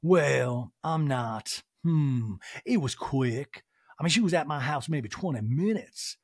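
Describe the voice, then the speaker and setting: A man's voice: mid-range voice, expressive, slightly rough, no room sound, studio quality, heavily acted. A man voicing a flustered reality-TV wife who stammers and hesitates. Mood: hesitant. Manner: halting, stammering.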